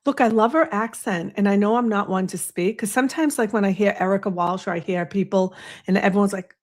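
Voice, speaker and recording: A woman with a Boston accent from the US East Coast hosts a laid-back livestream from home, a snowy window behind her. Her medium-pitched voice moves fairly quickly as she rambles and chats, tossing asides to viewers. She speaks into a desk microphone.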